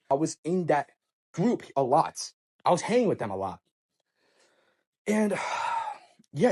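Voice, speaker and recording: A man's voice: mid-range voice, darkish tone. A man telling a painful personal story in a casual monologue, often stammering, restarting words and sighing, with a subdued delivery. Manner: hesitant, stammering restarts and sighs.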